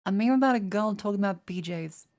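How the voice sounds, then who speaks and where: Young Australian woman streamer, crude, rambling live-chat delivery, mid pitch. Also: quick pace, darkish tone. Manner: profane, rambling, stammers and restarts. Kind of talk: casual live-stream chat reading viewer comments.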